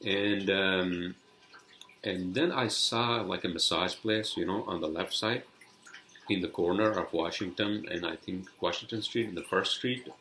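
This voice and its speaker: A man's voice: low-pitched, a little slow, pushed and bright, slight background noise, rough recording. A man hosting a solo podcast, telling a story in a rambling, profane way with many fillers and restarts. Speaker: podcast host. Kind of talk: casual solo podcast monologue.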